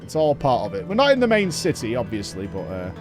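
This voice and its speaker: A man's voice: medium pitch, huge pitch swings, fast talker, music in the background. A man with a Northern English accent, chatting casually as he streams a game, swearing freely and rambling in banter. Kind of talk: casual live-stream commentary.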